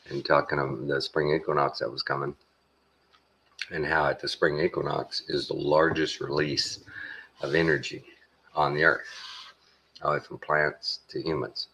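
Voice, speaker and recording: A man with a Texan accent talking casually to his viewers, meandering along with lots of pauses and folksy phrasing. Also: a bass voice, level tone, bright, forceful tone, breathy edge. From Texas. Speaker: vlogger. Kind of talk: casual rambling monologue.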